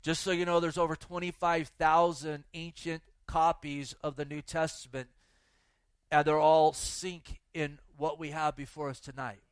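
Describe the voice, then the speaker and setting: Fervent high-voiced male preacher. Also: flat delivery, a little slow, clean tone, dry recording. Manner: fervent, exhorting preaching with repetitions and scripture quotes. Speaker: pastor. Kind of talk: sermon. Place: church with a live and online audience.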